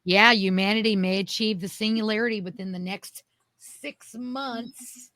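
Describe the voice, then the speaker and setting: A woman's voice: medium pitch, fairly even intonation, measured pace, sharp tone, dry recording. A woman co-hosting a casual podcast chat, emphatic and prone to trailing off while she hunts for things. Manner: emphatic, searches for things mid-sentence. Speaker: podcast co-host.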